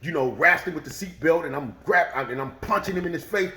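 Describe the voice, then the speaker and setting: A middle-aged man tells a story casually and with plenty of animation, his voice swooping between high and low as he acts out each person. His voice sits a little high, and the recording has a roomy echo. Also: expressive, quick pace, hardly any pauses, a bit bright.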